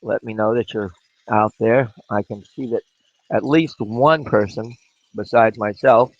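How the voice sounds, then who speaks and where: A man with a raspy voice from a cough, chatting casually to viewers on a live stream while he works on glass pieces. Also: on the low side, unhurried, no echo, dull audio. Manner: rambling, talks to viewers while working.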